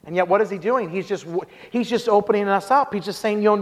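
A man preaching a sermon as pastor, telling stories in an animated way with quick restarts. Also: sits high, big-room sound.

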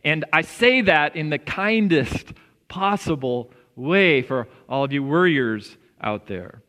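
Pastor, male, bright high voice, earnest conversational preaching, big church reverb. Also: lively intonation, takes it slowly. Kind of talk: sermon. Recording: long reverb of a church hall.

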